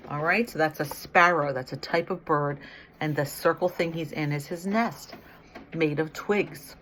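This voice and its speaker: A middle-aged woman teacher reads a picture book aloud to young children, coaxing them with questions and praising what they answer during storytime. Her voice is low-pitched and fairly bright, her pace a little slow, and there's a faint hiss or hum.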